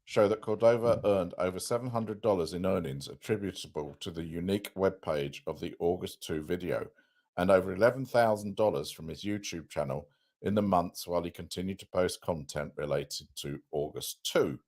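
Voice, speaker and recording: A male host with a very low voice reading out a court document, steady and plain. He moves through figures and dates in a measured way.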